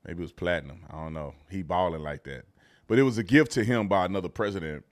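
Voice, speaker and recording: Dude ranting over news clips, aave, mocking, goes from mumbling to yelling. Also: male voice, quick pace. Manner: mocking, animated, swings from low mutters to shouts. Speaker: political commentary host. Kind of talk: casual reaction commentary.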